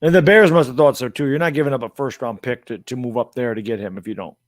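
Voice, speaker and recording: A man's voice: medium pitch, quick pace, no room sound, clean studio sound. A man co-hosting a casual sports talk show, blunt and full of rhetorical questions, with mild cursing as he argues about football. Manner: blunt, rhetorical, swears mildly.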